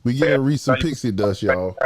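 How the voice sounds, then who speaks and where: A man's voice: medium pitch, animated, brisk, over music. A man hosting a casual podcast about dog training, talking in teasing, slangy banter.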